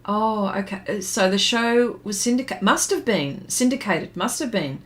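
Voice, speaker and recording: This middle-aged woman hosting an art livestream has a mid-range voice with lively intonation and normal speed. As she draws and reads viewer comments, her casual chat rambles into reminiscing, with many fillers and laughs.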